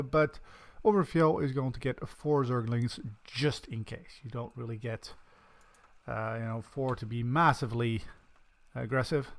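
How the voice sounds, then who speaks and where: A man casting a strategy game solo from his home setup, chatty and rambling, with self-deprecating asides and excited bursts when the action picks up. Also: mid-range voice, creaky. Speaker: game caster. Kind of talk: casual solo game commentary.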